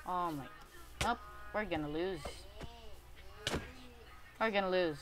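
A woman with a light, thin voice chats casually through a match, unhurried in pace, quick to cheer and chatter. Music plays clearly behind her. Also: lowish voice. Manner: excitable, chatty, bursts into laughter and cheers. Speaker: gaming YouTuber. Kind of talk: casual gameplay commentary.

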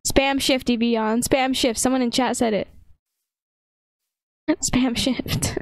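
A woman's voice: high voice, fairly even intonation, takes it slowly, pauses often, no room sound. A woman giving casual gameplay commentary, laughing often and exclaiming in playful panic. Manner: giggly, frequent bursts of laughter. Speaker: gaming video creator.

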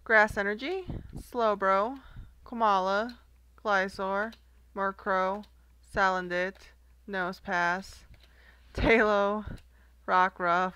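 Young woman opening card packs on camera, slow and giggly, bright highish voice. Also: fairly even intonation, smooth, no room sound. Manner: slow, giggly, reading card names aloud. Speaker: card collector vlogger. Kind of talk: casual unboxing chat.

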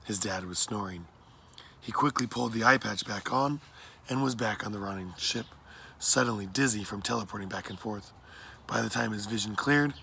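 A man reading a children's adventure story aloud in a plain, steady narration. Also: mid-range voice, gravelly, a little hiss or hum. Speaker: audiobook reader.

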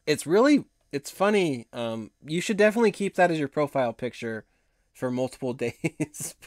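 A man hosts a live stream in a relaxed, rambling way, his voice hoarse from hours of talk. It sits a little high, and the sound is close and dry with no room around it. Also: normal speed, no echo. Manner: chatty, rambling, laughs often. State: hoarse from long talking. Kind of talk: casual live-stream chat.

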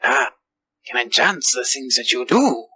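A man's voice: medium pitch, sing-song, measured pace, sharp tone, husky, dry recording, heavily acted. A man voicing a sly male cat-folk merchant who talks of himself in the third person, in a tabletop role-play.

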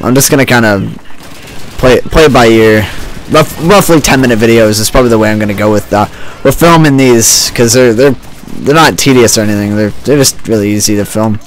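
Speaking into a home desk microphone with a pop filter made from pantyhose, this gaming channel host narrates his let's-play with sarcastic jokes. His voice is on the low side, and there's slight background noise.

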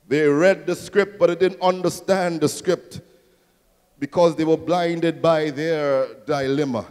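A man preaching a rousing sermon as pastor, swelling to near-shouting and calling out questions to the congregation. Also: on the high side, steady tone, slow pace, clean tone, long reverb tail. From Trinidad and Tobago. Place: large church hall.

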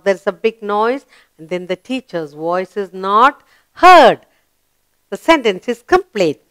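A woman teaching a children's lesson, spelling out letters and quizzing young learners slowly and deliberately. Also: medium pitch, a bit bright, clean tone, dry recording.

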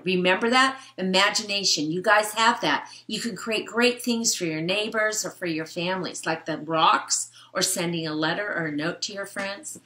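An older woman reading a picture book to children in a gentle, chatty way, stopping to explain words and talk to the kids. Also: mid-range voice, normal speed, few pauses, reverberant. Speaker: storytime reader.

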